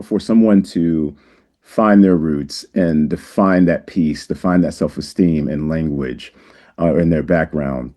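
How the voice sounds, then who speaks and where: A man hosting an interview who speaks softly and hesitantly with affirming fillers. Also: very deep voice. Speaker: podcast host. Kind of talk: conversational interview.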